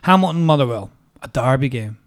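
Scottish man, football podcast co-host, quick talker, blunt sweary banter. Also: mid-range voice, expressive. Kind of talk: casual football chat.

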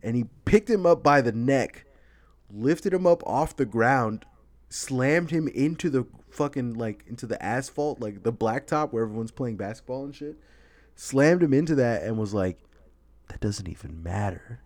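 A man's voice: medium pitch, expressive, moderate pace, darkish tone, no echo. Laughing, rambling male podcast host. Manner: rambling storyteller, laughs often, swears freely. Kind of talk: casual chat.

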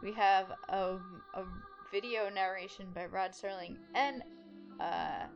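A woman's voice: mid-range voice, slow, muffled recording. A woman with a mid-range voice in a casual chat. She talks enthusiastically, rambling and restarting her thoughts. Faint music plays underneath. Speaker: podcast co-host.

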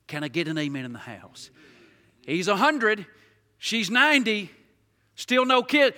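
A man preaching a sermon as pastor to his church, swinging from quiet hushed passages to loud shouted exclamations. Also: high-pitched, animated, unhurried, long pauses. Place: large church sanctuary. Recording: reverberant hall.

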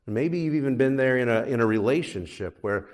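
A man's voice: animated, brisk. A man preaching a sermon as pastor, earnest, lifting his voice when he reads scripture. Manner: earnest, rises in pitch and force on scripture readings. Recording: long hall reverb.

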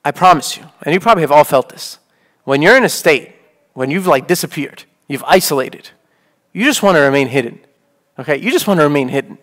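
A man's voice: on the high side, expressive, fairly quick, a bit bright. A man in his thirties, a priest, giving a conversational sermon full of "like" and "okay?". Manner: casual, peppered with "like" and "okay?".

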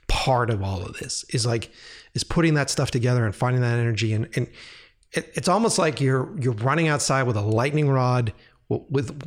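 A man talking casually and animatedly about video editing, swearing freely and acting out his own excited reactions. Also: mid-range voice. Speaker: video editor and director. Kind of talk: casual rambling monologue.

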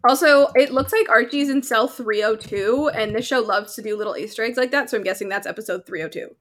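A woman's voice: fairly high pitch, fast, fairly bright tone. A young woman co-hosting a podcast in casual, enthusiastic chat, full of fillers. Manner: chatty, enthusiastic, with many fillers. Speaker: podcast co-host. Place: Vancouver.

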